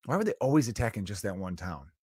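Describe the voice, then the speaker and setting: A man's voice: fairly low pitch, sing-song, quick pace, warm tone, slightly rough, dry recording, clean studio sound. A man in his thirties hosting a comedy podcast, riffing in a profane, joking monologue. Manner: profane, riffing, mock impressions.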